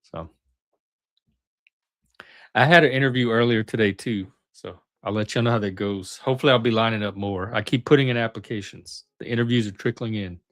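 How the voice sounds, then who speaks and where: A man hosting a live panel stream, chatting casually in a relaxed, friendly way and laughing easily. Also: on the low side, brisk. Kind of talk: casual chat.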